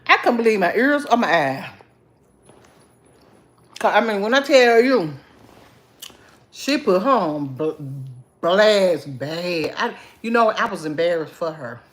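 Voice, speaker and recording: Animated chatty woman livestreaming. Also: medium pitch, measured pace, pauses often. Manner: chatty, animated, greets viewers by name. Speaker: livestream host. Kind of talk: casual livestream chat with viewers.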